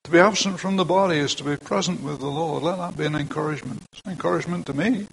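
A man's voice: a little high, fast, vocal fry, a little hiss or hum, rough recording. An older man preaching a sermon in a church, talking plainly to the congregation with frequent asides.

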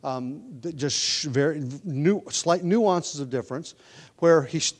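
A man's voice: on the high side, measured pace. A man preaching an expository sermon, explaining grammar patiently with frequent restarts, then building to emphatic stress on key words. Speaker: pastor.

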